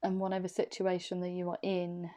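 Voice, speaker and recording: A woman giving a loose, chatty tarot reading to her viewers, speaking in drawn-out phrases and laughing easily. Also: fairly low pitch, monotone, dark tone. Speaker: tarot reader. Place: room indoors.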